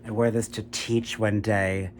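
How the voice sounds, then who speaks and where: A man's voice: lowish voice, measured pace, slight background noise. A man delivering a ranting political monologue. He swears a lot and keeps turning to the listener with "my friends, right?". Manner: animated, profane, keeps saying "my friends, right?".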